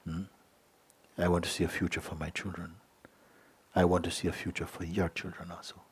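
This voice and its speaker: A middle-aged man teaching as a spiritual teacher at a satsang, speaking gently and unhurriedly, often checking in with "you see?" and sometimes sinking to a soft whisper. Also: low-pitched, monotone, fairly quick, breathy edge. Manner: drops to a soft whisper at times. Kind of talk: satsang talk answering a letter.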